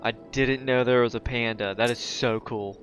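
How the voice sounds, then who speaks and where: Excitable man playing a video game. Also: mid-range voice, moderate pace, soft background music. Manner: excitable, jokey asides. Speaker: gamer. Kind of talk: let's play commentary.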